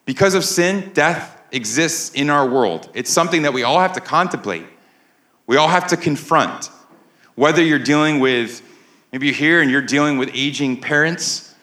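Bright-voiced pastor preaching in a roomy hall. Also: male voice, a little high, animated, moderate pace. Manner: conversational, keeps asking the audience "right?". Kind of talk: sermon. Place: church sanctuary with a live congregation.

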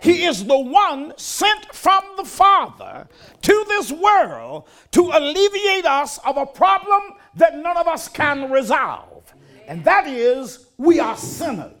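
Preaching a church sermon, an older man speaks slowly in a high voice that ranges widely and animatedly. He starts with folksy talk and builds into strong, emphatic preaching.

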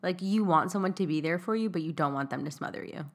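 Candid young woman with a low voice. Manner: candid, quick, laughs often. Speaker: podcast co-host. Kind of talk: casual chat.

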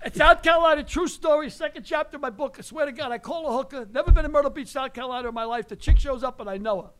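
A man's voice: very high-pitched, rapid-fire, fairly bright tone. An older man with a New York accent, a guest comedian telling brash, profane stories. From New York, the Bronx. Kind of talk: raucous comedy storytelling.

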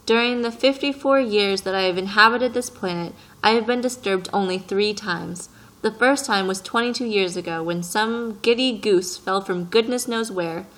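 A woman's voice: medium pitch, moderate pace, a bit bright, lightly acted, low-quality recording. A fussy, self-important businessman speaks with precise, slightly raised force, as a woman reading an audiobook puts him on. He is peevish and pompous, a middle-aged man sure of his own importance.

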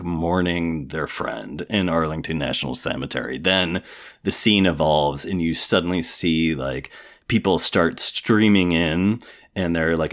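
A man co-hosting a podcast in casual chat, telling a long story and filling his speech with "like". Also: low voice. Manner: rambling storyteller, fills speech with "like".

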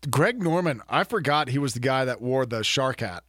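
A man co-hosting a casual sports podcast, cracking wry, deadpan jokes. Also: medium pitch, normal speed, no echo, studio quality.

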